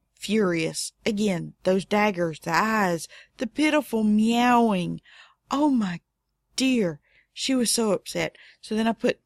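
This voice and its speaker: A middle-aged woman telling a funny personal story in a casual way, with wry deadpan asides. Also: mid-range voice, dry recording, clean studio sound.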